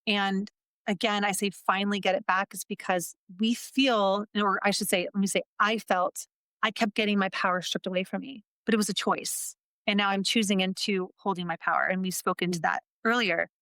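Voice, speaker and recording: A woman speaks in a heartfelt, earnest way and often repeats a phrase to drive it home. Her voice sits at an ordinary middle pitch. The recording is close and dry, with no room sound. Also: steady tone, moderate pace, a bit bright, dry recording. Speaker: podcast guest, entrepreneur and coach. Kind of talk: casual interview talk.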